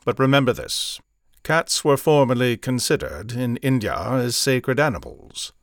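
A man voicing a calm, exact English gentleman in a storybook reading, clipped and measured. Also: mid-range voice, no echo, studio quality. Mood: cool.

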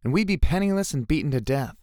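A man's voice: on the high side, animated, fast, darkish tone, no room sound, clean studio sound, pitched above the performer's own voice, close to an everyday voice. A man voicing a sarcastic, matter-of-fact team leader in a storybook reading. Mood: dry.

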